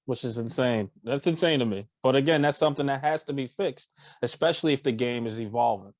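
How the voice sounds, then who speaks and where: A man's voice: mid-range voice, a little fast, dry recording, lo-fi sound. A man co-hosting a casual sports podcast, ranting emphatically about his team's players. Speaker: podcast co-host.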